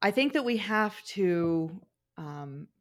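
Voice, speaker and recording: A middle-aged woman, a guest on a talk show, telling personal anecdotes in an expressive, animated way. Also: medium pitch, takes it slowly. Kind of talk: conversational storytelling.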